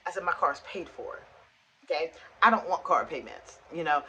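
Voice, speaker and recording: Animated woman telling a story. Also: deep voice, normal speed, slight background noise, low-quality recording. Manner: animated, acts out both sides of conversations. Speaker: vlogger. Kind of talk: casual storytelling rant.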